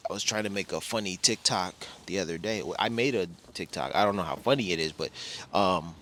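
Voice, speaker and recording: A man's voice: low voice, a little fast, a bit bright, slight background noise. A middle-aged man from Los Angeles rambling casually as a travel vlogger, often restarting and correcting himself. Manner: rambling, self-correcting, chatty.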